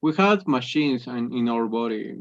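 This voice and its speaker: A young man with Spanish as his first language works through his answers in careful, halting English, restarting phrases often. His voice sits at a middle pitch. The sound is dry and close but dull, like lo-fi online call audio. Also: expressive, no room sound. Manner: hesitant, many restarts and fillers. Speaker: English student. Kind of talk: conversation practice.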